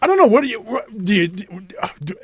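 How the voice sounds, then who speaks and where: A man's voice: high-pitched, sing-song, moderate pace, fairly bright tone, breathy edge, no room sound, clean studio sound. A man co-hosting a wrestling podcast in casual chat, laughing often and rambling. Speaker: podcast co-host.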